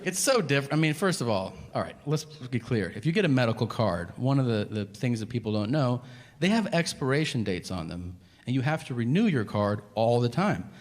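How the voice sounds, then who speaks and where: This male stand-up comedian has a mid-range voice with big pitch swings, talking at normal speed. His on-stage story is conversational and full of profanity as he voices each character, performed for a live crowd in a large hall. Captured live in the reverberant space, it has audience laughter and ambient noise in the background.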